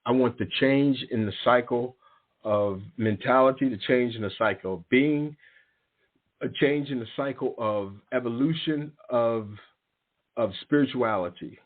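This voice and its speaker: A man hosts a spiritual call-in show, heard through a narrow, phone-like line. He rambles with frequent restarts and slips into animated impressions when telling stories. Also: mid-range voice, a little slow. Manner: animated storytelling, acting out quoted voices. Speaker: radio show host and youth coach. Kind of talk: casual spiritual talk radio.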